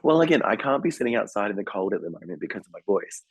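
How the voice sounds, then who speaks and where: A man, hoarse and husky from being sick, chatting casually as a podcast co-host. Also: fairly low pitch, very animated, racing, dry recording, rough recording. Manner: chatty, laughs easily. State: hoarse from illness. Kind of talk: casual chat.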